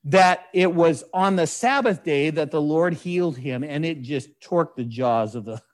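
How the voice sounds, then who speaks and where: A man preaching a sermon in a conversational, folksy way, with frequent asides and scripture read aloud. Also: fairly high pitch. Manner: reads scripture aloud in measured voice. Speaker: pastor.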